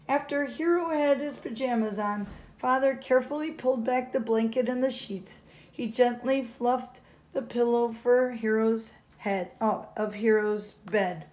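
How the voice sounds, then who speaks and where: A woman's voice: a little high, darkish tone. A woman, a teacher, reading a children's storybook aloud in a casual way, correcting herself as she goes.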